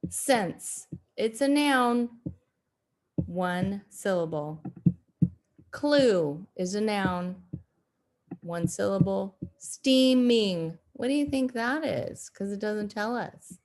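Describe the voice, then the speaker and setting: Woman teacher talking slow over lesson slides, lots of uhs and restarts, plain mid voice. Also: medium pitch, lively intonation, darkish tone. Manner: slow, deliberate, with frequent fillers and self-corrections. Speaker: second grade teacher. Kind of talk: recorded video lesson.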